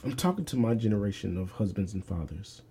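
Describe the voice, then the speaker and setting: Gravelly young guy preaching on his podcast, dark mellow tone, keeps repeating lines, drops to a whisper. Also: on the low side, animated, brisk. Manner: emphatic, repeats phrases, dips to whispers. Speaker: podcast host. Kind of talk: preaching-style podcast talk.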